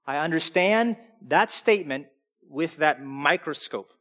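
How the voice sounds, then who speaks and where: A man preaching a sermon as pastor, emphatic, swinging between loud preaching and quiet asides. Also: a little high, lively intonation, measured pace. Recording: long hall reverb.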